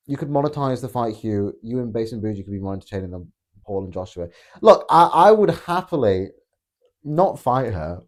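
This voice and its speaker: A man's voice: on the low side, a little mellow. A man hosting a casual live stream, answering chat in a blunt, joking way with plenty of swearing. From Britain. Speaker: political streamer reading chat.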